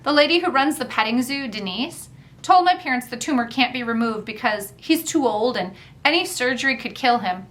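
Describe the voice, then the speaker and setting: A woman narrates a first-person audiobook with a wry, chatty delivery. Her voice is bright and fairly high, and it rises and falls freely as she reads. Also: animated, normal speed.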